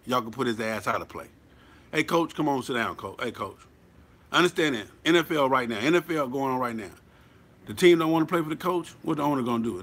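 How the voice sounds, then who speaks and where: A man's voice: mid-range voice, expressive, brisk, fairly bright tone, slightly rough. A man giving blunt, profane, preachy advice as a motorcycle club member in a casual monologue.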